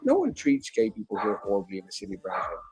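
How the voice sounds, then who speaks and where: A man's voice: fairly low pitch, very fast, slightly rough, dry recording, faint music behind. A man, a guest on a talk show, talking casually and with feeling, often restarting his sentences. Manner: animated, acts out critics in mocking voices; many restarts and fillers. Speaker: guest, sitting school board member.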